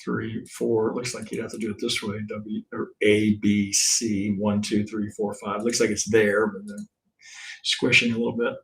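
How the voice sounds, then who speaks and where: A man teaching trading in a live-stream chart review, thinking aloud in a blunt, profane way and tagging his points with a quick "right?". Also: fairly low pitch, level tone, vocal fry. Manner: thinks aloud, counts waves, restarts often. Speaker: trading instructor.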